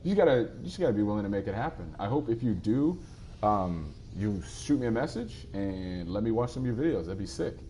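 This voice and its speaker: A man's voice: on the low side, big pitch swings, brisk, warm tone, a little hiss or hum. A man casually chatting with viewers while he plays a game live, easygoing and rambling as he answers their comments. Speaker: streamer playing a game live.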